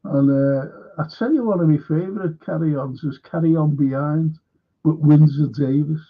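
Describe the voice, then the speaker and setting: A man's voice: on the high side, normal speed, husky, narrow, tinny audio. A man hosting a casual film chat, retelling scenes and laughing as he goes. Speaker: host.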